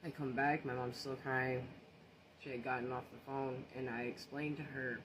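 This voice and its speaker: A man tells a story in a casual, rambling way, with lots of fillers and restarts. His voice sits at a middle pitch. Faint ambient noise hums behind him. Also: flat delivery, normal speed.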